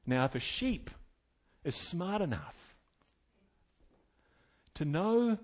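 A middle-aged male pastor preaching a sermon, moving between loud, emphatic preaching and quiet, folksy storytelling with chuckled asides. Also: on the high side, sing-song, extremely slow.

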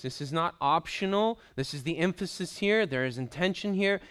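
A man preaching a sermon as a pastor, building to slow, emphatic stresses and then dropping back to a soft, quiet delivery. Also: on the high side, animated, clear, resonant tone.

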